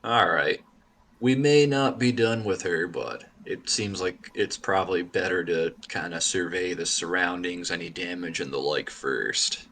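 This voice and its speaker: Slow, very deep-voiced player. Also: male voice, fairly bright tone, a little hiss or hum. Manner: measured, polite, hesitant. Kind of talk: playing a tabletop game, in character.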